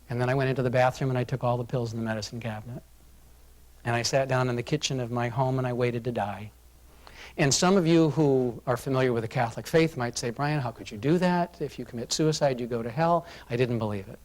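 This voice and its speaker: A man speaks to a live audience in a conference room, picked up on a presenter's microphone. He tells a personal story in an earnest, confessional way, with a voice of middling pitch, and he drops to a hush when the memories turn painful. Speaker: corporate diversity speaker.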